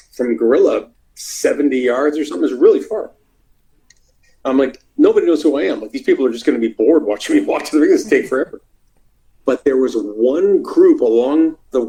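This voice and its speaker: Middle-aged canadian guy, gravelly and mellow, casual storytelling, gets loud doing other people's voices. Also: poor audio. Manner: animated, acts out quotes in loud high voices. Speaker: interview guest, former wrestler.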